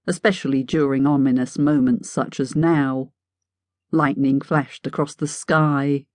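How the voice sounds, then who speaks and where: A woman with a low voice narrates an audiobook. Her reading is wry and measured, recorded dry and close. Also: darkish tone, no echo. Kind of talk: scripted narration.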